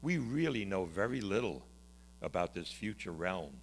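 A man who is a pastor, preaching a conversational, story-driven sermon that swings from loud to hushed. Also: sits low, very animated, normal speed, slight background noise.

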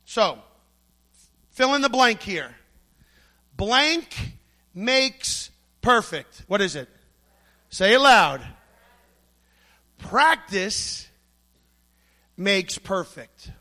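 A man's voice: high-pitched, sing-song, drawn-out words, pauses often, pushed and bright. A middle-aged man preaching a sermon, emphatic and storytelling, acting out the voices he quotes.

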